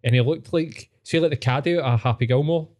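A man's voice: fairly high pitch, quick pace, a little mellow. Scottish man, podcast host, rambling sweary anecdotes, laughs a lot. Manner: sweary, rambling storyteller who laughs often. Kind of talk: casual chat.

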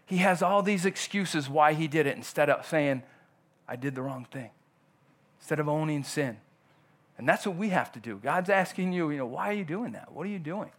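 Pastor guy preaching, fairly high voice, chatty, acts out little bits of dialogue. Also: normal speed. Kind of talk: sermon. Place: church.

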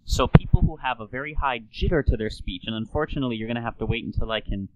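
A man's voice: medium pitch, quick pace, lo-fi sound, very noisy. A man hosting a talk, explaining speech science in a playful, chatty way. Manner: playful, slips into an old-timey radio announcer voice.

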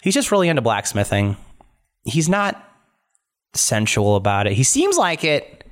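A man runs a tabletop game in a loose, joking way, often breaking into laughter. His pitch swings widely as he talks, from low to high. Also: huge pitch swings, moderate pace. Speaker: game master. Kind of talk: narrating a tabletop game with character voices.

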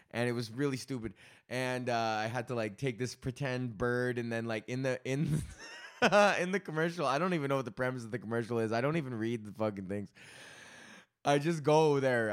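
A young man hosting his comedy podcast, ranting in a loose, rambling, profane way. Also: medium pitch. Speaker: podcast host. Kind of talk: casual comedic rant.

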